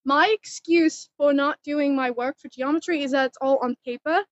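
A teenage girl vlogging outdoors at home, chatting in a rambling, giggly, excitable way into a handheld phone. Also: high voice, moderate pace, no room sound. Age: teens. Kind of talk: casual chatty vlog. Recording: dull, muffled phone audio.

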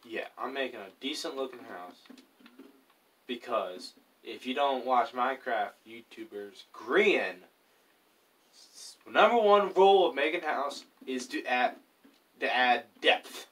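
A man's voice: medium pitch, expressive, slow, fairly bright tone, recorded from a distance. A man casually chatting and rambling to himself while playing a survival game, telling offhand stories. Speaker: gaming YouTuber. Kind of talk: casual gameplay commentary.

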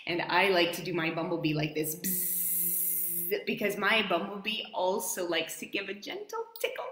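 A woman from New York State telling a counting rhyme story to children, gentle and playful, with a slow sing-song delivery. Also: on the low side, lively intonation. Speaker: storyteller and dance educator. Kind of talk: children's story time with movement. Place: home in Italy, echoey room. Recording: echoey room.

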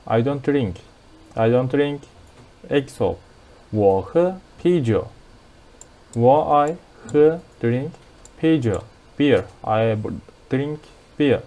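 Man, Turkish accent, language teacher, very slow, mellow dark tone, patient drills. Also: mid-range voice. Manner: patient, repeats words and drills aloud. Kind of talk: slow explanatory lesson.

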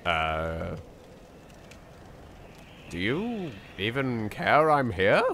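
A young English man commenting on his own gameplay with theatrical jokes, dropping to hushed asides and bursting into loud yelps. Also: on the low side, big pitch swings, extremely slow, slight background noise. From England. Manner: theatrical, jokey, swings between hushed asides and loud outbursts. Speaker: let's play host. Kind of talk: game commentary.

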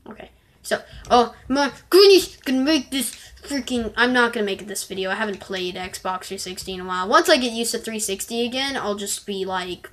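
A woman's voice: mid-range voice, a little fast, fairly bright tone. Gaming creator, woman, mid-range voice, rambling commentary with sudden frustrated outbursts. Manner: chatty, rambling, bursts into frustrated exclamations. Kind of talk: gameplay commentary.

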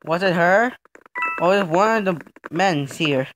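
A woman giving excited let's play commentary, full of exclamations and laughter, recorded on a phone. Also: a little slow. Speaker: gaming channel host. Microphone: phone microphone. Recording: noisy, low-quality phone recording.

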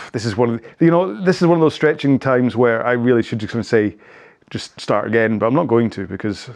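A man's voice: medium pitch, fast, vocal fry, a little mellow. A man leading a rowing workout cool-down, chatting in a rambling, self-deprecating way and often apologizing as he gives stretching cues. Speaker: indoor rowing instructor. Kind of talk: casual workout cool-down chat.

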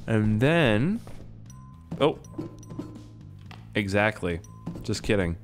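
Animated young man's gameplay commentary. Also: fairly low pitch. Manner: rambling, joking and swearing, talking to himself. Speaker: gaming YouTuber. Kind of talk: let's play commentary.

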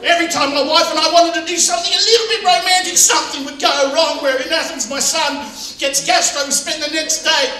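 A middle-aged man from Australia tells crude comic stories on stage. He swings from loud, brash bursts to muttered asides. The mic sits back in a roomy hall, and a big audience laughs clearly behind him. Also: extremely high pitch, steady tone, fairly quick, recorded from a distance, a faint crowd, slight background noise. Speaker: stand-up comedian. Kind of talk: stand-up comedy set. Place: theatre stage before a live audience.

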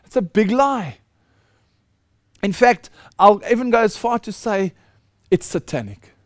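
Man, preacher, high pitch, dry sound, emphatic lecture sermon. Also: expressive, measured pace, no room sound. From South Africa. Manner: emphatic, indignant rebuttals.

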